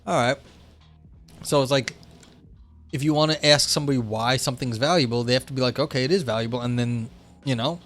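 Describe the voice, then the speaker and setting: Man reading philosophy aloud on a livestream. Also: mid-range voice. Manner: switches between formal reading and loose, chatty explanation; chats with live viewers between passages. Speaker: livestream host. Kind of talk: reading a philosophy paper aloud with casual commentary.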